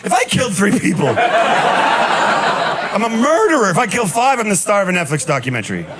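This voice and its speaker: A man in his thirties doing a stand-up comedy set on a club stage, telling stories in a deadpan way with punchy asides. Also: high-pitched, normal speed, over a noisy crowd. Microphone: handheld stage mic. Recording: live club recording with noise. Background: audience laughter.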